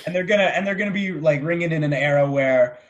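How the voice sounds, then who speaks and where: Excitable young man reviewing a movie. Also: fairly high pitch, fast. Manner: excitable, swearing, laughing often. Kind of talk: casual movie review chat.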